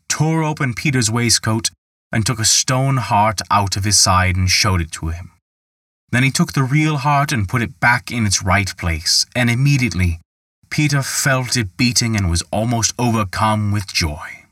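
A man narrating a folk tale in a measured, calm storytelling manner. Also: fairly low pitch, no echo, clean studio sound, recorded from a distance.

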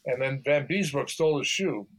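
An older man as a podcast guest, telling stories in a halting way, repeating words and laughing as he goes. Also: mid-range voice, lively intonation, rough recording. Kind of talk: casual interview chat.

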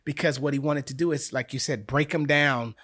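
Animated male acting coach. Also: fairly high pitch, brisk. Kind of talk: casual interview chat.

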